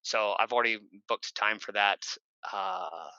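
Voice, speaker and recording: In a clean tone and fairly even intonation, a little slowly, a male podcast guest from Oregon rambles through casual anecdotes, stumbling over fillers and restarts. Every so often he breaks into shrill, shouted mimicry. There's no echo, though the high frequencies are missing.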